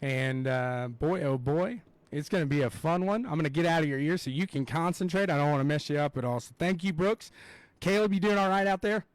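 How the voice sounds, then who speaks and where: A young man giving live play-by-play commentary on a race, excitable and rambling, with plenty of fillers and asides. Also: fairly high pitch, brisk, smooth, no room sound.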